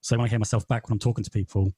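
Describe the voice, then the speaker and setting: A man from Norfolk with a Norfolk accent, a podcast guest in casual chat who agrees along with quick yeahs. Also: fairly low pitch, flat delivery, mellow, husky. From Norfolk, England.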